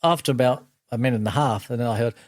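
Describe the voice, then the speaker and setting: A man's voice: mid-range voice, racing. A middle-aged man co-hosting a podcast in casual chat, upbeat and encouraging with a teasing edge. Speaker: podcast co-host.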